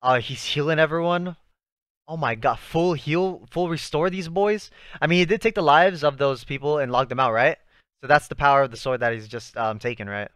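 A young man hosting a live anime reaction, talking excitedly to the screen in slangy, casual speech. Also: fairly high pitch, normal speed, dry recording, studio quality. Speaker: anime reaction channel host.

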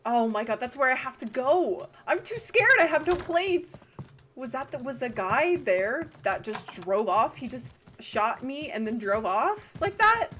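A young woman streaming a video game, chatting casually, laughing often and breaking into excitable outbursts. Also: on the high side, unhurried, hardly any pauses, a little hiss or hum. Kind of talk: casual livestream chat while gaming.

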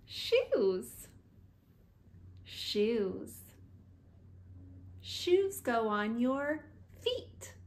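A woman teaching first words to toddlers, repeating single words slowly and clearly. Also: high-pitched. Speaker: preschool teacher.

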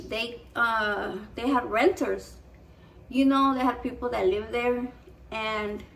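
A woman's voice: a little high, distant mic, slight background noise, rough recording. A young woman telling a rambling, profane story in a casual vlog, slipping into Spanish. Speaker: vlogger.

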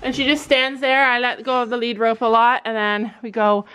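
A chatty mom with a high voice talks casually to a handheld camera outside at a horse barn. She laughs a lot and slips into cooing baby talk with the animals. Faint background noise sits under her voice. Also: flat delivery, moderate pace. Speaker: mom vlogger. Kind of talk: casual vlog chat.

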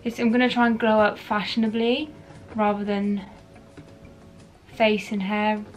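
A woman's voice: mid-range voice, flat delivery, measured pace, soft background music. A young woman, chatting frankly to camera in a casual vlog. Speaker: beauty vlogger.

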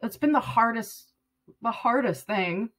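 A woman's voice: a little high, lively intonation, measured pace, a bit bright. A woman in her late thirties, talking to the camera in a personal vlog, rambling and earnest and close to tears. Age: 30s. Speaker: vlogger.

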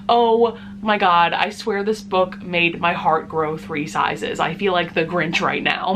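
A young woman talks into her camera at home, bubbling over with excitement about what she has been reading. Her voice sits in an ordinary middle pitch, and she laughs easily as she chats. A faint hum runs quietly under the recording. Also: measured pace, few pauses. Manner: gushing, enthusiastic, laughs often. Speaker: book vlogger. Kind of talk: casual reading vlog chat.

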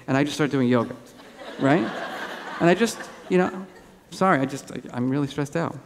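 A man giving a lively conference keynote, telling animated self-deprecating stories on stage. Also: a little high, moderate pace, a little hiss or hum. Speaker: keynote speaker. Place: large auditorium. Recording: hall reverb.

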